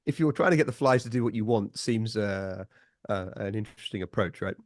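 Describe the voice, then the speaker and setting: A man guest on a podcast, telling stories in a lively way and chuckling often. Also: fairly low pitch, a little fast, no echo, studio quality. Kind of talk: casual storytelling chat.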